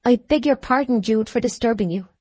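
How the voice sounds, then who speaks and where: A woman's voice: a little high, brisk, dark tone, no echo, voice pushed up, close to an everyday voice. A woman reading an audiobook, voicing a humble young barmaid who pleads for help in a raised voice. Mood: pleading.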